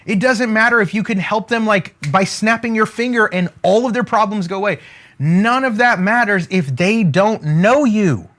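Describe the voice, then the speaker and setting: Here a man speaks at normal speed in a high, slightly bright voice. Acting as a motivational coach for business, he talks emphatically, cycles through catchphrases, and often asks "okay?" while drawing on a board.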